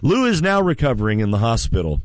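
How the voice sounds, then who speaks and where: A man's voice: mid-range voice, fast, dry recording. A man co-hosting a sports radio show, telling a silly news story in an irreverent, joking way. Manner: jokey, animated, does silly voices. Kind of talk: irreverent comedic chat. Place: radio studio.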